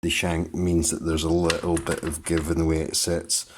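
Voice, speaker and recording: A man's voice: very deep voice, monotone, normal speed, darkish tone. A man hosting a hands-on repair tutorial, talking in clipped, terse step-by-step phrases. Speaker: host of a repair tutorial channel.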